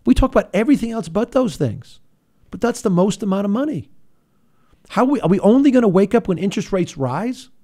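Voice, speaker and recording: A man's voice: sits high, expressive, a little fast, warm tone. A man hosting a political talk radio show who speaks in an earnest, restless way and repeats words when he pushes a point. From Rhode Island.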